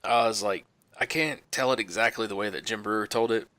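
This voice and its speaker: A man's voice: lowish voice, a little fast, no room sound. A man co-hosting a casual movie podcast, telling a story and acting out other people's lines. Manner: animated storyteller who acts out other people's voices. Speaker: podcast co-host. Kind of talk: casual chat, telling an anecdote.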